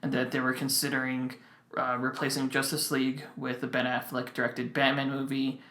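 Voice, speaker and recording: A man's voice: medium pitch, monotone, brisk, pushed and bright, reverberant. A young man co-hosting a podcast in casual chat, rambling with many restarts. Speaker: podcast co-host.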